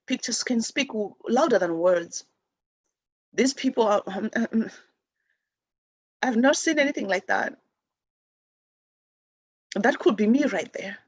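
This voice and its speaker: A woman's voice: a little high, animated, slow, long pauses, husky, dry recording, muffled recording. A woman from Zimbabwe hosting a spiritual talk show, speaking earnestly and rambling with many restarts. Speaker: host.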